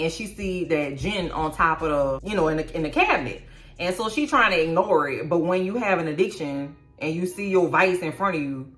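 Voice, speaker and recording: A woman hosting a casual TV episode recap, sassy and animated, talking straight to her viewers. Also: fairly low pitch. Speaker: TV recap host.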